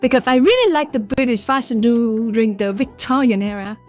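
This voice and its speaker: A woman's voice: fairly high pitch, lively intonation, fairly quick. A woman with a Vietnamese accent chatting casually on a livestream, rambling and greeting viewers from chat by name. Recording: faint background music.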